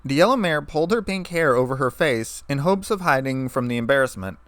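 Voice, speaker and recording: A man narrating a fan story in a steady, even reading voice. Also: medium pitch, a little fast, no echo.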